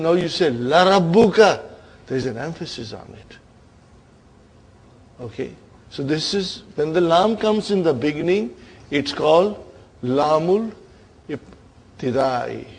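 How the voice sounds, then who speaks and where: Slow, quizzing grammar teacher, man. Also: fairly high pitch, a little mellow, breathy edge. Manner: quizzing the class, frequent "huh?" checks; playful storytelling teacher. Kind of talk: classroom lesson.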